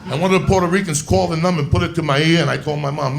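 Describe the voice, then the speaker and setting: A man telling a profane stand-up story with a New Jersey accent, bursting into shouts. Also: fairly high pitch, racing, vocal fry. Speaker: stand-up comedian.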